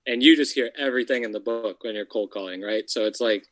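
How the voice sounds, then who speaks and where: A man's voice: medium pitch, fast talker, fairly bright tone, low-quality recording. Blunt, profane man talking shop. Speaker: real estate investor. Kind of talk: casual podcast chat.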